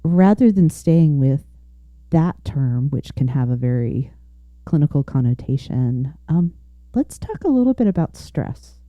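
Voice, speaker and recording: A woman's voice: sits low, dry recording, highs cut off. A woman hosting a podcast interview, affirming and thoughtful as she talks with her guest. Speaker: podcast host. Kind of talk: conversational interview.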